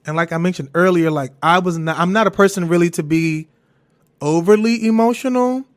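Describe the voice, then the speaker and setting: A man with a somewhat high-pitched voice tells a personal story as a podcast monologue. He rambles candidly and animatedly, doubling back on himself and swearing freely. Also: a little fast. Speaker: podcast host.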